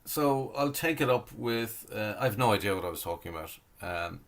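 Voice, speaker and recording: A middle-aged Zen priest from Ireland speaking reflectively over a video call, with many fillers and restarts. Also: male voice, on the low side, lively intonation, normal speed.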